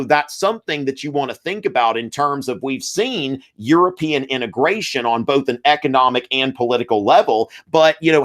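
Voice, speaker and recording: A man hosting a live history review, lecturing in a conversational way with many fillers and shoutouts to viewers. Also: mid-range voice.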